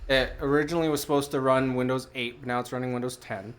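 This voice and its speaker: A man's voice: mid-range voice, fairly even intonation, fast talker. A man co-hosting a casual podcast, telling a long rambling story with plenty of fillers and casual swearing. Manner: rambling storyteller, loose and profane. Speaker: podcast co-host. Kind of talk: casual chat.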